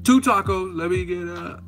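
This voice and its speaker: A man's voice: high-pitched, measured pace, over music, pitched above the performer's own voice. A man voicing a drunk man squinting at a drive-thru menu, hesitant and drawn out. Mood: dazed.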